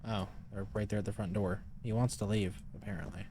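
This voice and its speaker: A man's voice: lowish voice, steady tone, a little fast, noisy background. A man streaming a game live, chatting casually, calling out to the ghost and grumbling about game updates. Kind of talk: casual live gameplay commentary.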